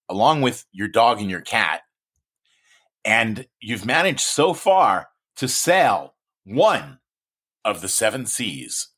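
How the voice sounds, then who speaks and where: A man's voice: fairly low pitch, a bit bright. A man hosting a podcast in a loose, chatty way, swearing casually. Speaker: podcast host.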